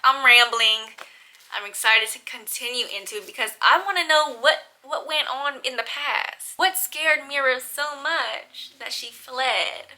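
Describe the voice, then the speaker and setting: A woman's voice: high-pitched, a little slow, sharp tone, rough recording. A woman, chatting animatedly and emphatically as she reviews books on her vlog. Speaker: book vlogger. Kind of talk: casual book review chat.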